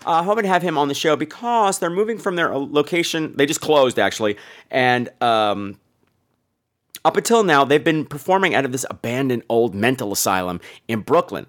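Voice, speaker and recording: A man hosting a podcast, telling a story in an animated, profane way in a casual monologue. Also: mid-range voice, moderate pace. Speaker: podcast host.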